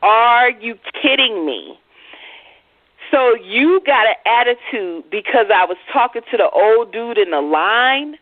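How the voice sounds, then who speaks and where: A woman host telling a personal story in a blunt, profane, animated way on a casual radio chat. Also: on the high side, moderate pace, hardly any pauses, dry recording. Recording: tinny phone-like, dry sound.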